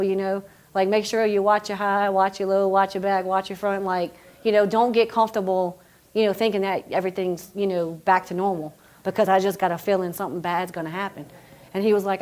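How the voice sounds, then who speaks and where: A woman tells a deeply personal story. She talks conversationally and emotionally, full of "you know" and "like", at an ordinary middle pitch. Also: fairly even intonation, a little fast, a little mellow. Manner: conversational, many fillers, emotional. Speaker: police officer's widow.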